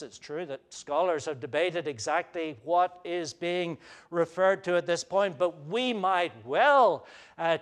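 Earnest high-voiced male preacher. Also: smooth. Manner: earnest preaching with frequent restarts and fillers. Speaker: pastor. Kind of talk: sermon.

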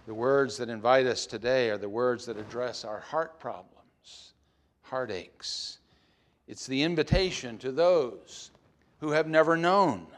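A male pastor delivers a sermon at a church service. His emphasis is deliberate, shifting between loud, stressed words and soft, low phrases.

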